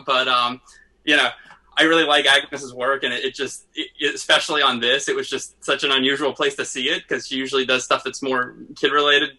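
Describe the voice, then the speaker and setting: A man's voice: mid-range voice, level tone, fairly quick, pushed and bright. A man in casual podcast chat, a comic artist who talks in a chatty, self-deprecating way and laughs easily.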